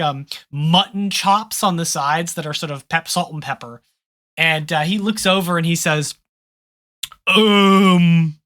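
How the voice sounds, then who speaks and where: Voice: medium pitch, sharp tone. A game master narrating a tabletop game with loose, filler-heavy descriptions.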